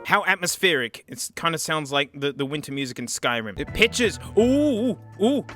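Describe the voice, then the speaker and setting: A man hosting a casual tech video, talking excitably and joking as he goes through old gadgets. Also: on the high side, moderate pace, music in the background. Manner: excitable, jokey, many exclamations and laughs. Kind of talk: casual unboxing commentary.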